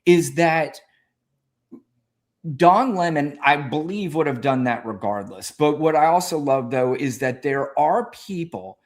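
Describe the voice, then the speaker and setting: A man's voice: on the high side, expressive, unhurried. A man co-hosting a political talk show, heated and profane in casual conversation. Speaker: podcast co-host.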